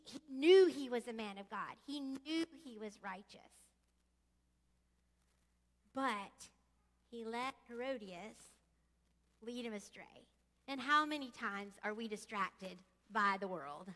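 Speaking slowly with long pauses, a woman whose voice sits on the high side delivers a chatty, informal sermon in a church sanctuary. The echoey hall carries her animated voice as she leads the congregation in prayer, questions, and call-and-response singing.

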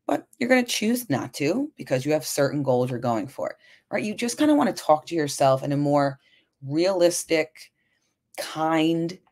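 A woman's voice: low-pitched, darkish tone. A woman lifestyle coach hosting a solo podcast, talking frankly and casually, often checking in with "right?". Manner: chatty, frank, frequent "right?" and swearing.

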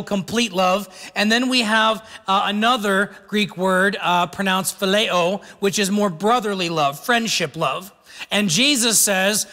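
A man preaching a sermon as pastor, earnest and slowing down to stress key words. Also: sits high, pushed and bright. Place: church sanctuary. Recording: long reverb of a church hall.

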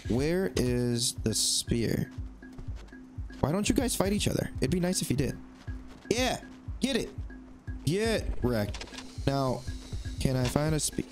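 Excitable man narrating his gameplay. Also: mid-range voice. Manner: excitable, talks to the creatures on screen. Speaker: gaming YouTuber. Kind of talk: let's play commentary.

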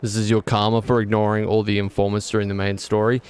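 A man's voice: fairly low pitch, flat delivery, fast talker, a little mellow, slight background noise. A man streaming a video game, rambling and correcting himself, with exasperated outbursts. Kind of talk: casual gameplay commentary.

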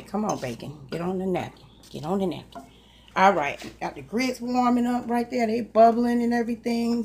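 A woman's voice: medium pitch, darkish tone, slight background noise. A woman chatting casually to viewers while she cooks breakfast in her home kitchen, folksy and talkative. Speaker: cooking vlogger. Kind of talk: casual cooking chat.

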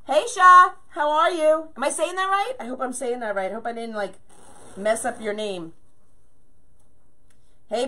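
With a fairly high, sharp-toned voice, a woman hosts a casual crafting livestream. She chats in a friendly, easygoing manner, greeting each viewer by name and counting her pieces aloud as she goes.

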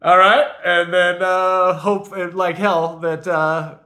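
A man from the United States films himself on his phone, delivering a profane, rambling spiritual rant. His voice is bright and sharp, sitting somewhat high for a man, and he swings from defiance to affection without settling down. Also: level tone, slow pace. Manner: defiant, rambling, heavy swearing. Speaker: vlogger.

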